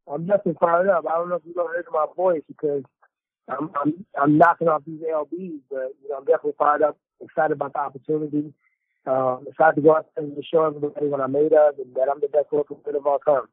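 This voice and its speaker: A male fighter answers interview questions in a steady, self-assured manner. He talks fast and flat, and his voice is husky. It comes over a tinny, phone-like line. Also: a little high, no room sound. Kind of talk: casual interview.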